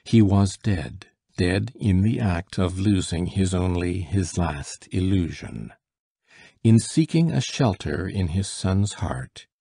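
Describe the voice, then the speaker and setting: A male audiobook narrator reads a classic tale in a measured, dramatic manner. His voice is very deep, gravelly and raspy. The sound is dry and close. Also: warm tone, dry recording. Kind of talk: scripted narration of a classic story.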